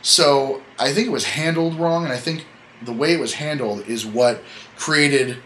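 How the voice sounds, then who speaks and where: A man's voice: medium pitch, unhurried, fairly bright tone, slight background noise, rough recording. A man hosting a casual podcast chat, telling a story in a rambling, joking way and correcting himself as he goes. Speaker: podcast host.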